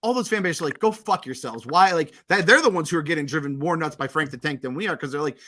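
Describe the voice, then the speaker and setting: A man hosting a late-night postgame call-in podcast, excitable and profane, laughing often and running on fumes. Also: a little high, fast. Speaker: podcast host. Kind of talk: casual postgame call-in chat.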